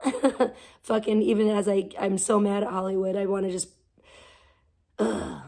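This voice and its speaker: A woman's voice: mid-range voice, steady tone, normal speed, vocal fry, warm tone. A woman hosting a livestream, venting casually with profane, sarcastic rants and talking to her chat. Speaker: livestream host.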